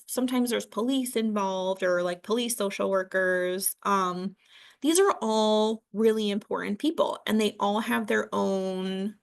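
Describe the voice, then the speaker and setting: A woman's voice: medium pitch, gravelly. A young woman giving a casual training talk on behavior support, chatty and loose, with many ums and likes.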